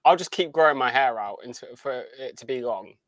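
A man's voice: mid-range voice, expressive, fairly quick, a bit bright, no room sound. A young man chatting casually as a podcast co-host, rambling and enthusiastic with many restarts. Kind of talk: casual chat.

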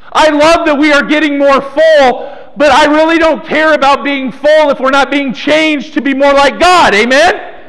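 A man's voice: extremely high pitch, a bit bright. A man preaching a sermon as pastor of a small church, playful and teasing members of the congregation by name. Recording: long hall reverb.

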